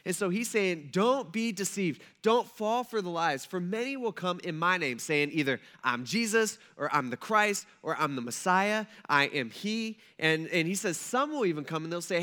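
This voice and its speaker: A man's voice: on the high side, a little fast. A young man preaching a casual, conversational sermon who acts out the quotes and keeps checking in with his listeners. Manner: animated, acts out quotes, frequent "right?" and "like". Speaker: pastor.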